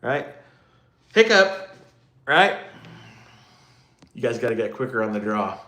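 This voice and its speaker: A man's voice: fairly low pitch, steady tone, fast talker. Rambling, self-mocking man in an echoey room. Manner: rambling, self-mocking, chatty with live comments. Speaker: livestream host. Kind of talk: casual livestream chat.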